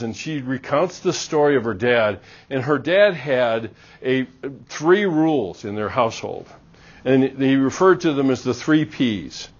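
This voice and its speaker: Man, middle-aged, university lecturer; animated, plays out dialogues; lo-fi classroom recording. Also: mid-range voice. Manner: animated, acts out little dialogues.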